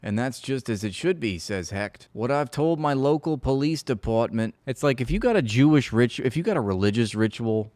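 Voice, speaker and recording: A man's voice: mid-range voice, animated, normal speed, hardly any pauses, darkish tone, dry recording. A man streaming, reading an article aloud with sarcastic, mocking running commentary. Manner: sarcastic, mocking, frequent laughs.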